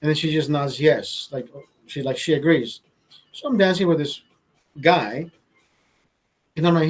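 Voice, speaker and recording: A man tells a story in a casual, profane way, his voice sitting a bit higher than most men's. He jumps into the voices of the people he quotes as he goes. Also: moderate pace, pauses often, poor audio. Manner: profane, animated, acts out quotes. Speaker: host.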